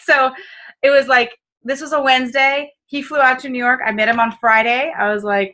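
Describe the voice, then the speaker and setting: On a rough recording, a woman with a high-pitched, bright, forceful voice speaks a little fast with fairly even intonation. A Midwestern-accented business consultant from the American Midwest, she's an interview guest sharing candid, self-mocking stories in a chatty way, heavy on fillers and quoted asides.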